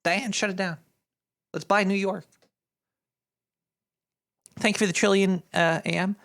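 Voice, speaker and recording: A man doing a gravelly paranoid cartoon rat host. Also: sits high, fairly even intonation, unhurried, a bit bright, heavily acted. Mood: rambling. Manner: rambling, scatterbrained, jokey asides. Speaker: host reading donations. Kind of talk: rambling live-stream chat.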